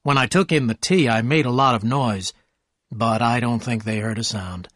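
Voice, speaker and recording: A man reading a graded story aloud for English learners in slow, clear scripted narration. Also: medium pitch, a bit bright, no echo, studio quality.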